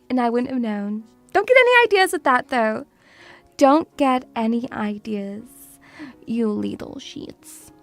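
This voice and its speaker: A woman's voice: fairly high pitch, a little mellow. A woman streaming casually, bubbly and teasing, calling her viewers pet names. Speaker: VTuber streamer.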